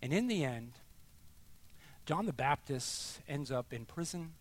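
Slow, emphatic male preacher. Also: a little high, lively intonation. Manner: emphatic preaching, slow, drops to hushed near-whispers. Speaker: pastor. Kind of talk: sermon.

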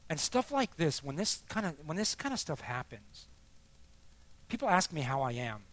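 A middle-aged man giving a sermon-style personal testimony, moving between hushed, quiet moments and loud, emphatic bursts as he tells his story. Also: a little high, sing-song, moderate pace. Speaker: speaker sharing testimony.

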